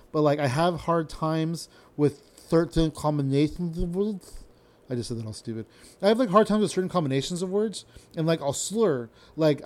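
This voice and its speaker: Man, young adult, stand-up comic, casual podcast talk, slightly high pitch, slurs words, self-deprecating, rambling. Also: darkish tone. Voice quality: tends to slur words. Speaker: stand-up comedian and podcast host.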